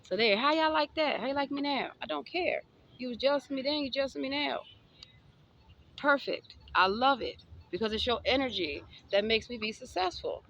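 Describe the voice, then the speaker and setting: A woman's voice: high voice, animated, moderate pace, a bit bright, highs cut off, slight background noise. A woman from the States, giving a sassy, defiant, preachy motivational monologue. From Southern United States. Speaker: vlogger.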